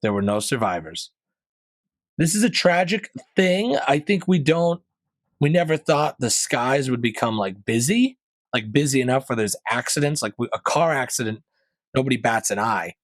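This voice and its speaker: A man's voice: medium pitch, expressive, moderate pace, dry recording. Rambling, chatty male podcast host. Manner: rambling, conversational, with frequent fillers and asides. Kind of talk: casual solo commentary.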